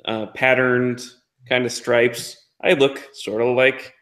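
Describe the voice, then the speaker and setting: Slow, unhurried player, man, laughs often between words. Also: medium pitch, level tone, a bit bright. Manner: laughing, hesitant. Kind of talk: casual tabletop game play.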